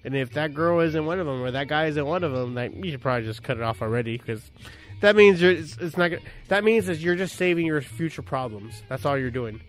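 A man chatting casually on a podcast about relationships, cursing freely and telling stories with sudden loud outbursts. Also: fairly high pitch, fast talker, faint music behind. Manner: profane, animated storytelling with sudden shouted outbursts.

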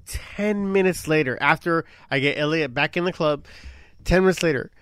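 A man in his thirties spins a loose, profane story, jumping into the voices he quotes. His tone is bright and a little high. The sound is dry and close. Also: normal speed, smooth, no room sound. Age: 30s. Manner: animated, swearing, acts out quotes. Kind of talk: casual storytelling chat.

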